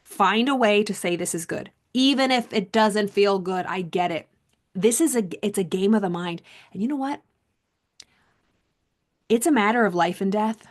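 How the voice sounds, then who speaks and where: A woman's voice: mid-range voice, normal speed. A woman coach reading a self-help book aloud, then talking it over in a casual, conversational way and repeating herself for emphasis. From Southern California. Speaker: mindset coach.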